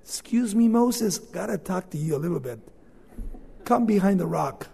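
A stern, fatherly God played by a male preacher who scolds with pointed questions. The voice sits high. It rings out in a hall with a long reverb. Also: lively intonation, normal speed, creaky, mellow, slightly rough, full character voice. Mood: calm. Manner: conversational, questioning, chiding.

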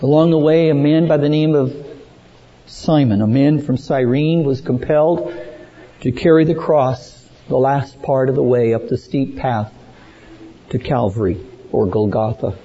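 Slow, dark-voiced preacher man in a hall. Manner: slow, dramatic preaching with rising emphatic peaks and low trailing ends. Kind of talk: sermon. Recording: dull lo-fi sound with long hall reverb.

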